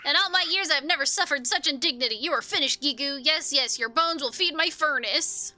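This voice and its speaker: A woman's voice: high-pitched, fairly quick, bright, forceful tone, soft background music, voice pushed up. A woman voicing a fussy, boastful little male foreman who piles up synonyms as he talks. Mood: pompous. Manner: repeats himself in breathless strings of synonyms.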